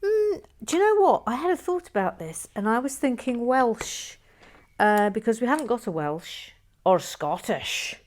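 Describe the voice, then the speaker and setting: A woman's voice: a little high, big pitch swings, measured pace. Chatty woman whispering as she builds. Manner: chatty, self-mocking, drops into soft whispers. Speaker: Lego building vlogger. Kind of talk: casual chat while building, reading viewer comments.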